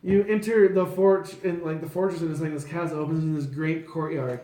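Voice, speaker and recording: A man's voice: fairly high pitch, fairly even intonation, brisk, roomy sound, heavy background noise. A man narrating a tabletop game as game master, loose and profane with many fillers.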